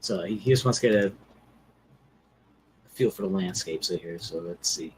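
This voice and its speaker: Low-voiced man thinking through his turn. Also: a little hiss or hum, poor audio. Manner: deliberate, thinking aloud. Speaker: player. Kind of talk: tabletop game play.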